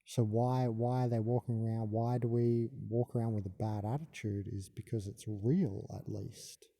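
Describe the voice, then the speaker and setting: A man's voice: on the low side, steady tone, moderate pace, dark tone, no echo, clean studio sound. A man delivering a rambling, indignant spiritual monologue, full of fillers and restarts. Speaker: video monologue host.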